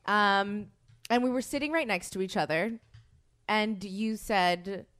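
A woman's voice: mid-range voice, measured pace, a bit bright. A young woman hosting a podcast, chatting casually and giggling as she rambles through a story. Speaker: podcast host. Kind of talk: casual chat.

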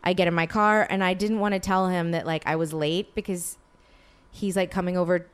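A woman's voice: fairly low pitch, a little fast, smooth. A young woman casually telling a long, rambling story to a co-host, full of fillers and quoted back-and-forth. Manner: rambling, animated, filler-heavy retelling.

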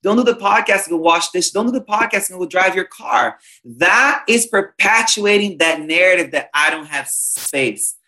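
A man's voice: high voice, moderate pace, hardly any pauses, bright, forceful tone. A man, a spiritual teacher, talking as a podcast guest in an earnest, emphatic, teacherly way. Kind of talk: podcast conversation.

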